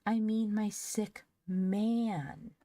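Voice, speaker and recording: A woman voicing a small, earnest little girl who speaks slowly and insistently. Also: sits low, animated, dark tone, no echo, exaggerated voice.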